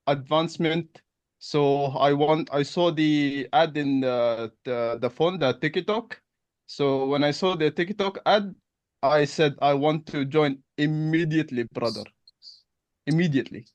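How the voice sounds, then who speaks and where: A man's voice: fairly high pitch, no room sound, lo-fi sound. Guy playing a blunt accountant type, choppy repetitive talk, dry close sound. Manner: blunt, repetitive, broken phrasing. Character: blunt, direct male accountant prospect. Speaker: roleplay partner.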